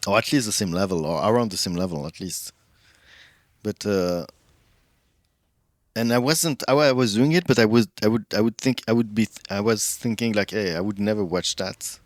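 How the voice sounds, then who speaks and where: A male streamer with a lowish voice talks casually while he plays, rambling through false starts and thinking aloud. His voice is close to the mic and dry, with no room sound behind it. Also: normal speed, no echo. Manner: rambling, many restarts, chats with viewers while thinking aloud.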